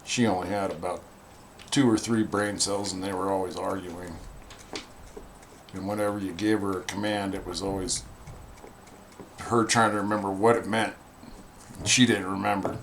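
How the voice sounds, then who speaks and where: A man's voice: low voice, normal speed, pauses often. Guy telling a funny dog story, wry, does the voices, bit of hiss behind. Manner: wry, animated, acts out quoted voices. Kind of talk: casual storytelling.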